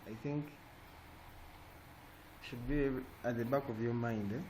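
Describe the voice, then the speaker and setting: A man's voice: mid-range voice, steady tone, takes it slowly. Man teaching design over a noisy call. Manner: checks in often with "eh?" and "yeah?". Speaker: design trainer. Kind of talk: online class teaching. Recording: noisy online call audio.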